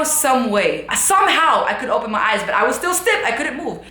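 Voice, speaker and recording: Bright-voiced young woman telling a story. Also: on the high side, moderate pace. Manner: animated, full of "like" fillers, dramatic retelling. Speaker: vlogger. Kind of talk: casual storytelling to camera. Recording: roomy echo.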